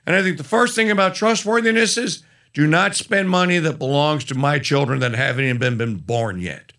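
Gravelly bright-voiced male radio host. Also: on the high side, fairly quick. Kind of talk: casual talk radio chat.

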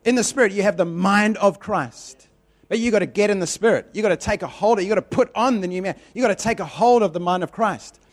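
A man's voice: sits high, fast. A man preaching a sermon in a conversational, repetitive way, telling personal stories with animation.

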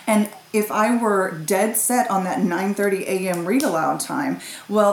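Woman guest, low-pitched, lively talker; echoey room with faint noise. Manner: lively, laughs easily, talks in long runs. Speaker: guest parent. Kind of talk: casual conversation.

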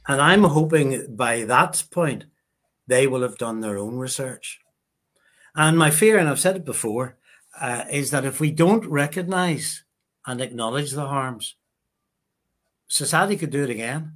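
A man giving an earnest, measured interview answer as a guest. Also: mid-range voice, animated, a bit bright.

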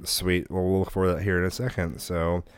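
A man hosting a podcast in casual chat, telling stories in a relaxed way and swearing freely. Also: deep voice, normal speed, clear, resonant tone. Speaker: podcast host.

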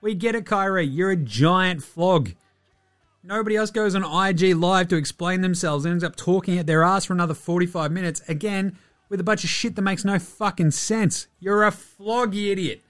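An Australian man hosting a sports podcast, ranting in a profane, animated, mocking way. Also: high voice, normal speed. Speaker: podcast host. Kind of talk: opinionated sports podcast rant.

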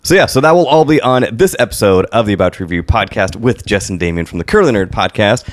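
A man's voice: on the low side, expressive, fast. A man hosting a podcast in casual chat, upbeat and laughing often as he runs through plugs and introductions. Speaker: podcast host. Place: small home studio.

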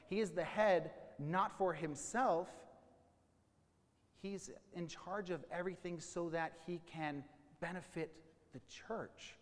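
A man preaching a sermon as a pastor, teaching with questions and slowing down to stress key points. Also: a little high, long reverb tail. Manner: teaching, with questions and slowed emphasis.

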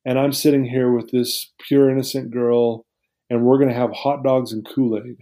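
A man's voice: mid-range voice, level tone, normal speed, mellow. A middle-aged man telling his life story to an interviewer, earnest and emotional, with many restarts. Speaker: guest.

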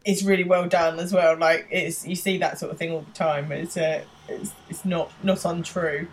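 Woman, lowish voice, podcast co-host, casual recap, chatty, hesitant restarts. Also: fairly even intonation, normal speed, slight background noise.

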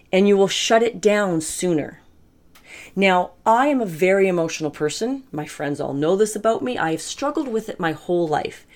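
A woman's voice: on the low side, darkish tone. A middle-aged woman giving a casual motivational talk to camera, candid and chatty, laughing often as she goes. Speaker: self-help vlogger.

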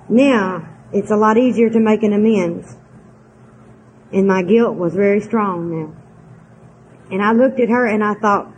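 Older woman, high-pitched, candid recovery talk, faint hiss. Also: a little mellow, poor audio. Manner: candid storytelling, homespun and frank. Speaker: twelve-step speaker.

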